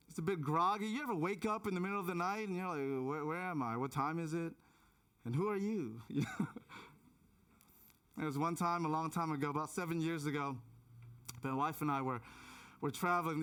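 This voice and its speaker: Man preaching, slightly high voice. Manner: storytelling, drops to a hushed tone for suspense; many restarts and repeated words. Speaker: pastor. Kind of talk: sermon with personal story. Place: church auditorium.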